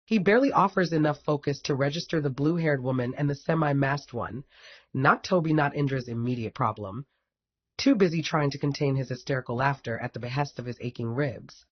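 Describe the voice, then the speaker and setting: A man's voice: medium pitch, brisk. A man reading a fan fiction story aloud in a wry, casual storytelling manner. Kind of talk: audiobook narration. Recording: dull lo-fi recording.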